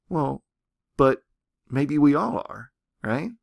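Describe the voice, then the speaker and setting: A man's voice: medium pitch, big pitch swings, unhurried, no echo, clean studio sound. Conversational male literature teacher. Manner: conversational, checks in with "right?". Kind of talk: lecture on a short story.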